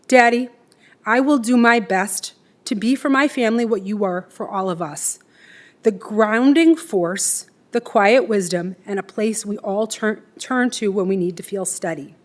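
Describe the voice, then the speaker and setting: Tender Midwestern woman reading a eulogy. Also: mid-range voice. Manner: tender, steady, emotional. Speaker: daughter giving a eulogy. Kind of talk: read eulogy.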